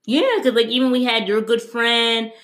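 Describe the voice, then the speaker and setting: A woman's voice: a little high, normal speed, fairly bright tone. A woman in her thirties co-hosting a casual podcast, enthusiastic and full of fillers. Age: 30s. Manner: enthusiastic, filler-heavy, says like a lot. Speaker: podcast co-host. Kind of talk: casual chat.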